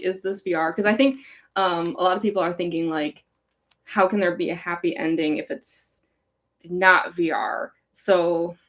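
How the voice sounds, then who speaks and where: A young woman from Chicago with a California-sounding accent, chatting casually on a live Q&A with a rambling, giggly valley-girl manner full of likes and ums. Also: on the low side. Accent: California-sounding American. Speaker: fanfic author hosting a live Q&A. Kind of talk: casual livestream chat.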